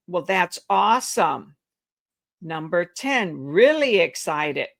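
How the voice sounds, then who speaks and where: A woman teaching a real estate sales script, slowly acting out the agent's and the seller's lines with shifting intonation. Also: mid-range voice, lively intonation. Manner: acts out both sides of a phone call with shifting intonation; slow, deliberate delivery.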